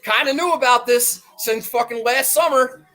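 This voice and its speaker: A man hosting a golf betting show, ranting defiantly and swearing, swinging from low muttering to shouts. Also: normal speed, poor audio. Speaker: golf betting podcast host. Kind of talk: fired-up monologue.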